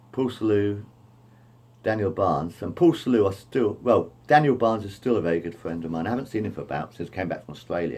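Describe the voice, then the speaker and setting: A man's voice: deep voice, a little mellow. Rambling middle-aged Englishman telling stories. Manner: repetitive, meandering, self-correcting. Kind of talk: rambling personal storytelling.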